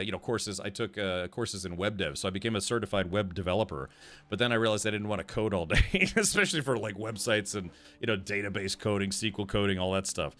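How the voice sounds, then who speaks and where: A man's voice: on the low side, a bit bright. A man streaming a video game live, chatting casually, rambling and restarting sentences and answering chat as he plays.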